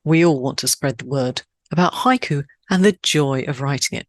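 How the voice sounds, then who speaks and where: Low-voiced woman hosting a podcast. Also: moderate pace, no room sound, clean studio sound. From Switzerland. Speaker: podcast host. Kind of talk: scripted podcast narration.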